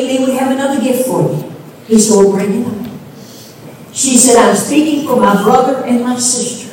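A woman's voice: fairly high pitch, mellow, slight background noise. A woman preaching a sermon, telling stories and rising into sung emphasis at times. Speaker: pastor's wife preaching. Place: church sanctuary. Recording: echoey room from a distance.

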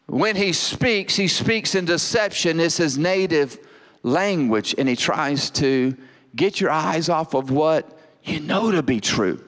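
A man preaching a sermon, repeating phrases and building to fervent shouts. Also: on the high side, animated, slow pace. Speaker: pastor. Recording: long hall reverb.

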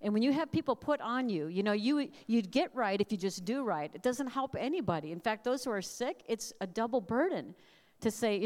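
A woman's voice: a little high, expressive, fairly quick, darkish tone. A middle-aged woman giving a conversational, storytelling sermon. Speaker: speaker. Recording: reverberant hall.

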